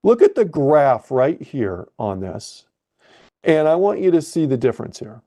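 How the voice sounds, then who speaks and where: A man coaching a live webcast lesson, thinking aloud and correcting himself as he clicks through trading software. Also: fairly high pitch, sing-song, measured pace.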